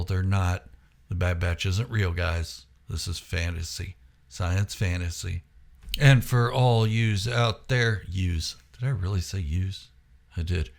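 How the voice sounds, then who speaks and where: A man with a low, gravelly voice gives a casual spoken review to his viewers. He rambles in a chatty way and catches his own slips with quick asides. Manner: chatty, self-correcting asides. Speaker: YouTube channel host.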